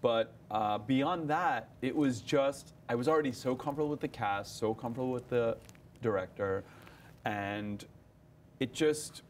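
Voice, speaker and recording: A young man, an actor, chatting in an interview about his stage roles, animated, often laughing and restarting his sentences. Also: medium pitch, unhurried, slight background noise. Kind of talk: casual interview chat.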